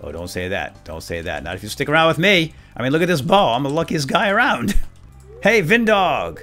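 A young man hosting a casual let's play, goofing around and jumping between squeaky put-on voices and low mumbles. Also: big pitch swings, fast talker, a bit bright, soft background music. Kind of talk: casual gameplay commentary.

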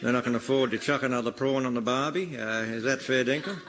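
An over-the-top Australian tourist, played by a man in a radio comedy sketch. He drawls in a broad Australian accent and stuffs every sentence with slang. The voice sits at an ordinary middle pitch, with a faint hiss behind it. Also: quick pace, fairly bright tone, natural voice. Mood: comic. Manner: slang-heavy, drawling, hesitant.

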